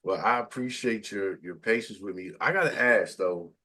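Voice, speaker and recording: Emphatic middle-aged man, a bit low. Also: moderate pace, sharp tone. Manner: preachy, emphatic, pitch jumps up for emphasis. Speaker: interviewer. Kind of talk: casual interview chat.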